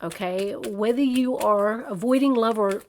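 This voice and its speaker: A woman's voice: on the high side, a little slow, a little hiss or hum. A woman giving a casual tarot reading to camera, chatty and reassuring, thinking aloud with plenty of fillers. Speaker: tarot reader.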